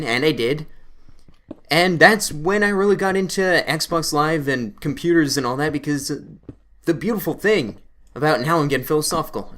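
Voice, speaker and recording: A man's voice: a little high, fairly bright tone. A young man from Canada, a gaming channel host, rambling animatedly through a casual story while playing a game.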